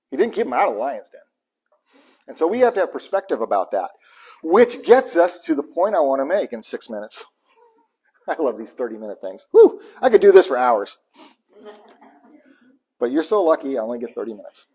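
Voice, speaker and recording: Husky-voiced man preaching with loud bursts. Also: mid-range voice. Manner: impassioned preaching, swings from hushed to loud bursts; chuckles between points, repeats lines for emphasis. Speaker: pastor. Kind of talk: live sermon.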